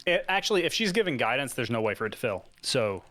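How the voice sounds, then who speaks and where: A man running a tabletop game as game master, easygoing and halting. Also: mid-range voice, big pitch swings, noisy background.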